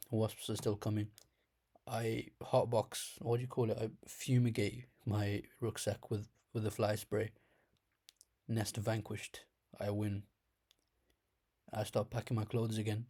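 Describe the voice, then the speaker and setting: Young man with a mellow voice and slight lisp. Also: on the low side, little pitch movement, unhurried, slightly rough. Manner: rambling, laughs at his own stories. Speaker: storyteller host. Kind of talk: casual comedic storytelling.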